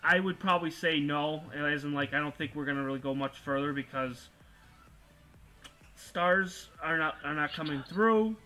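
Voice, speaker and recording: A man's voice: fairly high pitch, normal speed, sharp tone, soft background music. A man hosting an astronomy livestream, chatting casually over an online voice call and rambling with lots of "like" and restarts. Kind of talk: casual live-stream chat.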